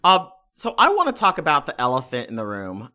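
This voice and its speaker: A man's voice: medium pitch, huge pitch swings, fairly quick, bright, forceful tone, clean tone. A man hosting a podcast, chatting in a brash, crude, teasing way. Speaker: podcast host. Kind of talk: casual podcast chat.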